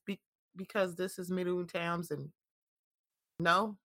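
A woman chatting casually and profanely about a TV episode, animated and full of "I'm like.". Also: lowish voice, measured pace. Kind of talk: casual chat recapping a TV episode.

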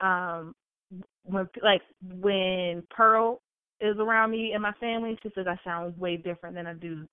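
A woman's voice: mid-range voice, clean tone, dry recording. A woman chatting casually and joking as a podcast co-host. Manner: relaxed, joking, drawn-out laughs. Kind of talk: casual chat. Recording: tinny phone-like sound.

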